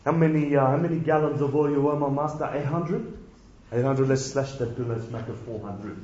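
A man's voice: medium pitch, fairly quick, a little mellow, echoey room, highs cut off, a little hiss or hum, pitched below the performer's own voice, close to an everyday voice. A man putting on a slick car salesman. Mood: slick pitching. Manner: pushy sales patter, wheeling and dealing. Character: greasy shifty male used-car-salesman manager.

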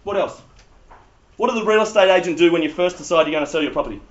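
A man preaching a sermon, telling stories with animated humor. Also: a little high, fast talker. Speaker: pastor. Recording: dull lo-fi sound.

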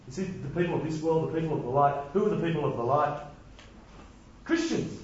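A man's voice: medium pitch, expressive, quick pace, heavy reverb, lo-fi sound. A man giving a conversational sermon full of rhetorical questions. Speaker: preacher.

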